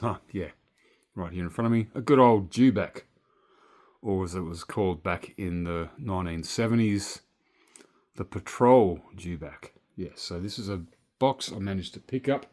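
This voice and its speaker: An Australian man talking casually on his vlog, rambling through long stories about his toy collection. His voice sits a little on the low side, and his chat meanders with asides and the odd swear word. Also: a little mellow.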